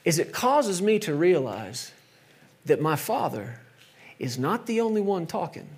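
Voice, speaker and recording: A middle-aged man preaching a sermon in a conversational way, sometimes dropping to soft, emphatic tones. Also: high-pitched, very animated, measured pace, husky. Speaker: pastor.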